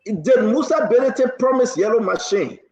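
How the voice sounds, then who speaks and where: A man's voice: extremely high pitch, expressive, normal speed, lo-fi sound, a loud crowd. A man from Liberia with a Liberian accent, hosting a casual political talk show, teasing and pushing his guest with many restarts.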